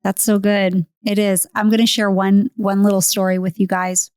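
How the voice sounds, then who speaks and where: A woman's voice: medium pitch, level tone, moderate pace, a little mellow, smooth, no room sound, clean studio sound. A woman hosting a podcast, telling a story in a casual, earnest way. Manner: earnest, retells with acted quotes. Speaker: podcast host.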